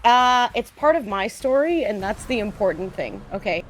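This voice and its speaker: A woman's voice: mid-range voice, big pitch swings, normal speed, crowd noise, close to an everyday voice. A woman playing a lisping young vampire girl. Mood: offhand. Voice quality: lisp. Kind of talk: murder mystery role-play.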